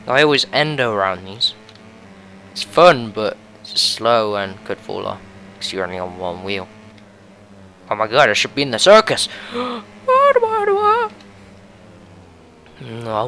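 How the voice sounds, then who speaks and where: A young man giving excitable play-by-play commentary on a racing game, his voice going a bit hoarse. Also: fairly low pitch, slight background noise. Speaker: gaming video host.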